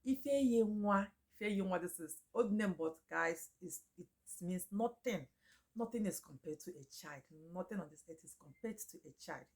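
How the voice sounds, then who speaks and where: A woman teaching names in a casual chat, repeating each one slowly and laughing often. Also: medium pitch, animated, a little mellow. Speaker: Igbo language teacher. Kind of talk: casual spoken lesson.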